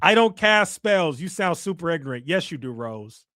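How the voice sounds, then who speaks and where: A man from the US, voice a little high with big pitch swings, hosts a casual livestream in a bright, forceful tone at moderate pace. He reads the chat aloud and ribs a viewer mockingly; the studio sound is clean, without echo.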